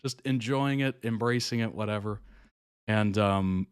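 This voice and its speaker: A man's voice: fairly low pitch, unhurried, clean tone, dry recording, studio quality. A man hosting a reaction video, casually retelling a reality show story, chuckling often and acting out other people's lines. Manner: chatty storyteller, chuckles often, quotes people in animated voices.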